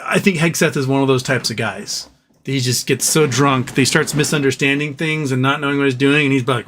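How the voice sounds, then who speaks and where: A man's voice: mid-range voice, a bit bright. Rambling, profane live-stream host, man. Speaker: livestream host. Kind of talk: casual live-stream commentary.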